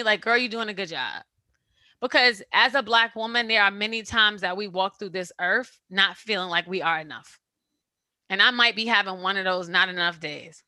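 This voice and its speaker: A woman's voice: medium pitch, no room sound. A woman co-hosting a casual chat, emphatic and slangy, telling stories with lots of energy. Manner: emphatic, slangy, animated storytelling.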